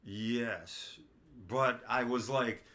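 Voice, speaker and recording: A man's voice: mid-range voice, very slow, fairly bright tone. A man in his fifties from the American East Coast, telling long anecdotes as a guest in a casual chat. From East Coast of the United States. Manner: leisurely anecdotal storyteller who acts out others' lines. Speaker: guest, father of the host.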